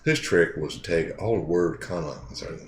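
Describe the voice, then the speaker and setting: A man who plays in a tabletop game, chatting casually in a relaxed, joking way that often trails off. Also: low voice, normal speed, a little hiss or hum. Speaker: player. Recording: echoey room with faint ambience.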